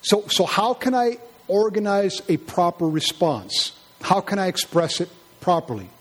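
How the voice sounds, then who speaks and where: A man preaching a sermon in an animated, conversational way, acting out quarrels in high mocking voices. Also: a little slow.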